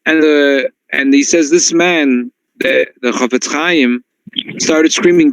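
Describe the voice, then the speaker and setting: Male rabbi, mid pitch, animated storyteller with restarts and Yiddish phrases, dry close recording. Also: slow pace, clean tone, no room sound, low-quality recording. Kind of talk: storytelling class.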